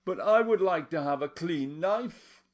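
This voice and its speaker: A man's voice: on the high side, expressive, unhurried, pitched above the performer's own voice. A man voicing a brash young lawyer who lectures bluntly. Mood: mocking.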